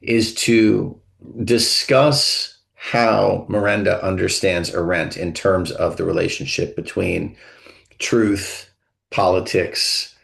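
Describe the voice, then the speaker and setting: Gravelly low-voiced male podcast host. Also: steady tone, slow, fairly bright tone. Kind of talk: casual chat.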